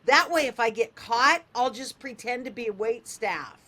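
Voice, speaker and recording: An older woman radio host telling a funny story, lively and animated, acting out the voices in it. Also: moderate pace. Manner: lively, acts out quoted voices with big pitch jumps.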